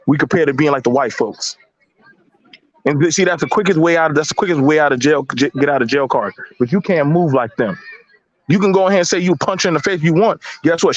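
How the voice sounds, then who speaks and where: Fiery high-voiced man debating, lo-fi sound. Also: no room sound. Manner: blunt, emphatic, repeats words, slangy. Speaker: panelist. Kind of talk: heated casual debate. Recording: dull lo-fi audio.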